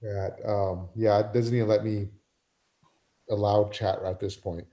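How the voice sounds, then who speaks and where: Guy running meeting tech, very dark mellow voice, casual. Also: fairly low pitch, little pitch movement, measured pace, dull audio. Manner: casual, searching aloud. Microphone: video call.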